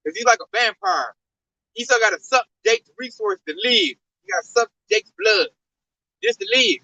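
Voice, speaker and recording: A man's voice: very high voice, wildly swooping pitch, moderate pace, vocal fry, bright, forceful tone. A man preaching from scripture in an emphatic, slang-laden way, heard from a distance on a lo-fi recording. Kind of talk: street-corner scripture preaching.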